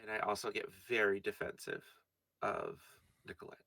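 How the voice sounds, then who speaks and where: A man playing an earnest, gravelly adventurer. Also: on the low side, completely flat delivery, normal speed, pushed and bright, dry recording. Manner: earnest, heartfelt confession, slightly slurred. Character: earnest young male adventurer, blunt, devoted to a friend. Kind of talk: tabletop role-play character voice.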